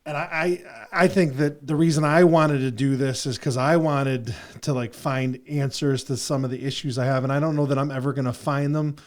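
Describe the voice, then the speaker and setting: A man's voice: mid-range voice, steady tone, moderate pace, few pauses, a little mellow. Earnest rambling male podcast host. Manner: earnest and rambling, with many "you know" fillers. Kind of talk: reflective casual conversation.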